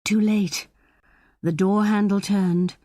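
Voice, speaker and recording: A woman narrating an audiobook of a short story in a measured, expressive way. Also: mid-range voice, no echo, studio quality.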